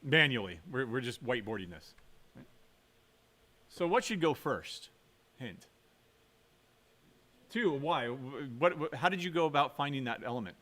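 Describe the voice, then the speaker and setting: A man's voice: medium pitch, animated, a little slow, pauses often, a bit bright. A man giving a computer science lecture while coding, thinking aloud, quizzing the class and correcting himself.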